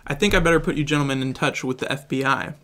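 Brief: skeptical archivist lady, a man reads it flat, gum in mouth. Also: medium pitch, fast talker, lightly acted. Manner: plain, flat line reading. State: chewing gum, mouth full. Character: poised, skeptical female archivist.

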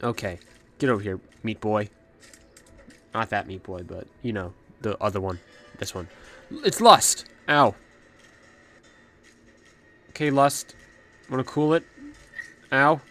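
A man's voice: on the low side, normal speed, long pauses, a bit bright, faint music behind. A young man hosting a let's play, chatting about his plans and talking to the enemies on screen, a little out of breath. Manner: chatty, talks to the game's enemies. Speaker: gaming channel host.

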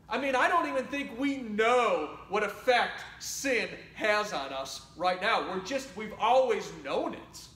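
A man preaching a sermon as pastor, talking conversationally and swinging between loud exhortation and quiet asides. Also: sits high. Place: church sanctuary. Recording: roomy church sound from a distant mic.

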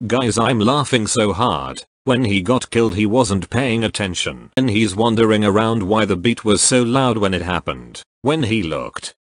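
A man's voice: on the low side, lively intonation, moderate pace, few pauses, no room sound. A man giving crude, sarcastic commentary as he reacts to online videos, ranting and swearing heavily. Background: background music.

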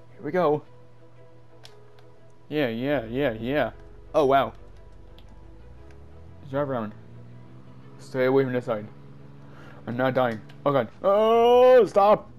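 A man giving jumpy, excited commentary while playing a game, easily startled and laughing at himself. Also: medium pitch. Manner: jumpy, screams and laughs at scares, self-mocking. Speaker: gamer.

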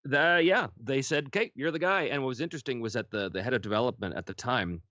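A man's voice: mid-range voice, fast, sharp tone, no echo, muffled recording. A man, a voice actor, chatting in an interview and laughing between his anecdotes. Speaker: voice actor guest. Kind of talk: casual interview storytelling.

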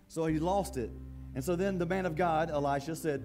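A male pastor preaching a sermon in a church, in a conversational, halting way that often repeats words. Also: a little high, darkish tone, faint music behind.

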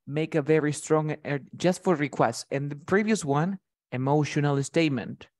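A man's voice: on the high side, moderate pace, a little mellow. A man teaching English vocabulary to a student. He explains patiently, repeats his points and checks that he is understood. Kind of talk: bilingual vocabulary lesson with a student.

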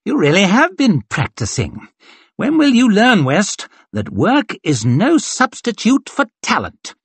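A man's voice: high-pitched, wildly swooping pitch, a little slow, gravelly, breathy edge, no room sound, pitched above the performer's own voice, heavily acted. A man reading an audiobook, voicing an arrogant, sneering male colonel and swordsman with a mocking, condescending drawl.

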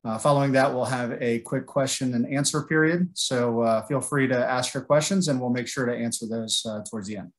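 Halting male webinar presenter. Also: mid-range voice. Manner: halting, many filler words. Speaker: sales presenter.

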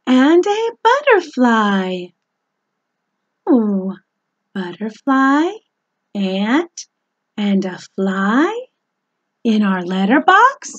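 A woman teaching a preschool phonics lesson, talking slowly with exaggerated, sing-song delivery, oohs and gasps. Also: medium pitch, very animated, no room sound, highs cut off.

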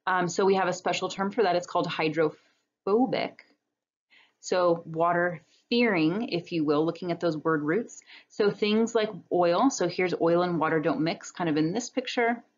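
A woman's voice: fairly low pitch, moderate pace, lo-fi sound. A woman biology instructor giving a recorded lecture over slides, explaining step by step in a conversational way. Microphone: webcam or computer mic on a talking-head recording.

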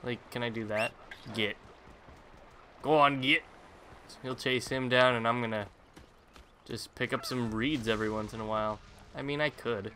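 Bright-voiced joking gameplay commentator man. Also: mid-range voice, fairly even intonation, brisk, slight background noise. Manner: jokey, rambling, self-mocking asides. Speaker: gaming YouTuber. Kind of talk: casual let's-play commentary.

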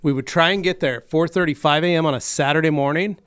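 Casting: male podcast co-host, fairly high voice, easygoing, dry close sound. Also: quick pace, a bit bright, dry recording. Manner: easygoing, reads out comments. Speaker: podcast co-host reading viewer questions. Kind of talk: casual chat. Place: studio.

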